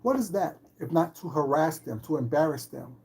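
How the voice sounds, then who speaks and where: A woman's voice: deep voice, expressive, normal speed, gravelly, darkish tone, husky. A woman on a livestream, commenting on online drama with sarcastic rhetorical questions. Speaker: streamer.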